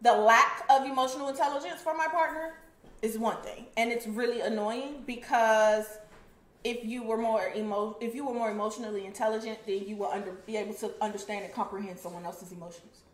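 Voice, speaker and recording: A woman's voice: a little high, fairly even intonation, fairly quick, reverberant. A woman co-hosting a casual chat, talking in an emphatic, blunt way. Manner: emphatic, blunt, says "period". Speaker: co-host.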